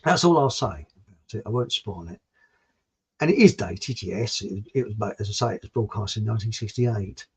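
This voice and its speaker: A man with a husky, fairly low voice speaks at normal speed on his own channel. He delivers a blunt, digressive opinion monologue with frequent restarts and some mild swearing, captured in a dull lo-fi recording.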